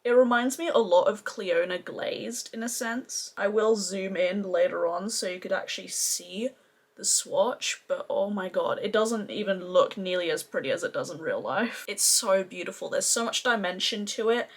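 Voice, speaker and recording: A woman's voice: medium pitch, normal speed. A woman with an Australian accent gushes in a chatty, casual makeup review. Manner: gushing, chatty, effusive. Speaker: beauty vlogger.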